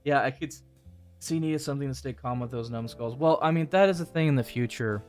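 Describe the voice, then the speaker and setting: A man's voice: medium pitch, a little fast, soft background music. A young man hosting his channel in casual chat, rambling and swearing, often restarting his sentences. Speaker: channel host.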